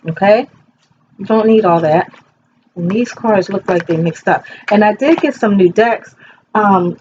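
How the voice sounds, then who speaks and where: A woman in her fifties with a mid-range voice gives a casual tarot reading from her bedroom at home, chatty and rambling as she talks straight to her viewers. The audio is dull, with a little hiss or hum.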